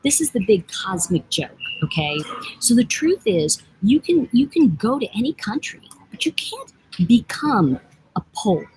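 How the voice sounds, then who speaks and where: A woman's voice: a little high, very animated, a little slow, darkish tone, slight background noise, poor audio. A woman from the United States hosting a casual livestream from an airport lounge, rambling and teasing as she reads out viewer comments. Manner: rambling, chatty, digressive, teasing. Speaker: livestream host and oracle deck author.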